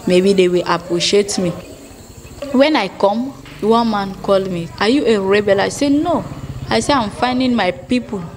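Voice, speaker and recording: A young woman with a West African pidgin English accent giving a halting, plain-spoken personal testimony, re-enacting scenes aloud as she tells them. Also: mid-range voice, a little hiss or hum. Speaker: former child soldier giving testimony.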